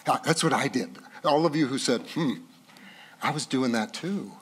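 A middle-aged man preaching a sermon as pastor, rising loud and high at climaxes and dropping soft and slow in tender passages. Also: husky.

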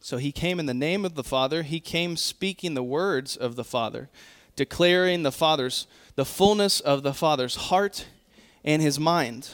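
A man pastor preaching a sermon, earnest and emphatic, often quoting scripture and pausing to correct himself. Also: a little high, fairly bright tone, clean tone.

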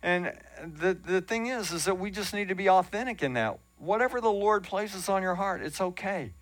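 A man's voice: high-pitched, animated, moderate pace, fairly bright tone, no room sound. A man preaching a sermon as pastor, talking in an earnest, conversational way with self-deprecating asides. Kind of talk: sermon teaching. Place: church sanctuary.

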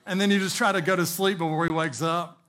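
Animated male preacher telling stories. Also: high-pitched. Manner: animated anecdotal storytelling with chuckles; earnest, slowing on key words when exhorting. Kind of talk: sermon with personal storytelling.

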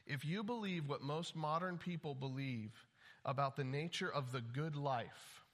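A man's voice: a little high, a little slow. A man preaching a sermon, urgent and pleading, often rising in emphasis. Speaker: pastor.

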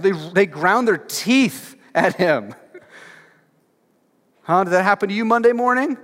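Preaching in a church sanctuary, a male pastor pauses often and speaks at normal speed in a high, expressive, slightly bright voice. His conversational sermon is loaded with filler words and emphatic rhetorical questions to the congregation, and the hall's reverb is long.

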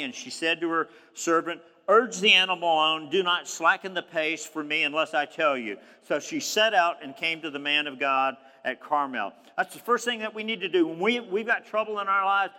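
A man's voice: on the high side, bright, forceful tone, long reverb tail. A man preaching a sermon, reading scripture and retelling it in a conversational, emphatic way. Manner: conversational, emphatic, acts out quoted speech.

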